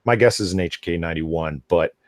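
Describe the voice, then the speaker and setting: A man's voice: sits low, brisk, no room sound, studio quality. A man hosting a casual comics livestream, rambling with lots of fillers and nerdy asides. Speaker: podcast host.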